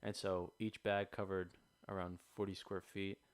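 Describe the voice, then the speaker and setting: Young man telling a lively story. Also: sits low, moderate pace, no echo. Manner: animated storytelling, acts out customers. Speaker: podcast co-host. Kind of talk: casual chat. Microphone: close podcast mic.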